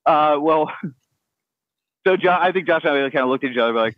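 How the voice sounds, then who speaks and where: A man's voice: fairly high pitch, normal speed, long pauses, no room sound, highs cut off. A man telling a navy story on a podcast in a rambling, laughing way, full of fillers and restarts. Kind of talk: casual storytelling among friends.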